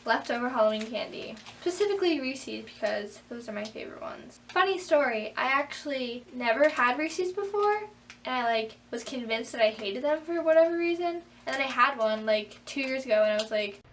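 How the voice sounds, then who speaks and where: A teenage girl telling a story in a casual vlog, animated and acting out what people said. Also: a little fast, distant mic, a little hiss or hum. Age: teens. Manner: animated, acts out quotes with big pitch jumps. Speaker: vlogger.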